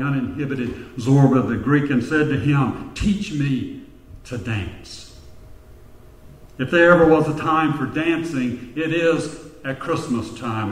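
Male preacher, storytelling sermon delivery, long hall reverb. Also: mid-range voice. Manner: storytelling preacher, slowing for emphasis. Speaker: pastor.

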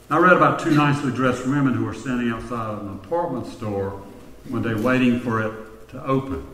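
A male pastor preaching a sermon, telling stories and slowing down to stress his points. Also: medium pitch. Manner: storytelling preacher, slowing for emphasis. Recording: echoey church hall with long reverb.

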